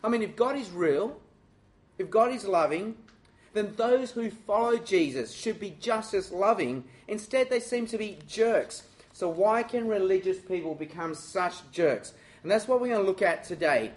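Australian man, preacher, high voice, lively, self-mocking, sermon. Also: normal speed.

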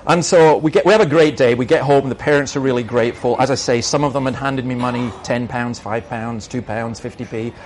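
A man's voice: medium pitch, fairly even intonation, brisk, hardly any pauses, slight background noise. A middle-aged man, a minister, answering questions in an emphatic, argumentative way and telling anecdotes.

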